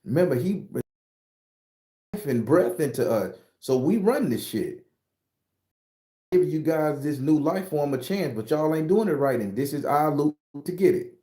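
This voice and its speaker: A man's voice: fairly high pitch, expressive, moderate pace, dark tone, echoey room. A man giving spiritual predictions in a loose, profane, emphatic way, laughing often. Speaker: spiritual reader sharing predictions. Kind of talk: casual spiritual vlog talk.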